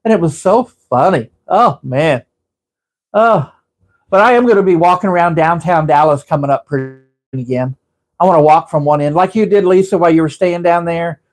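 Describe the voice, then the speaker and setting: A man's voice: fairly high pitch, moderate pace. A man hosting a casual live stream, rambling through stories and chatting with viewers as their comments come in. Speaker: livestream host.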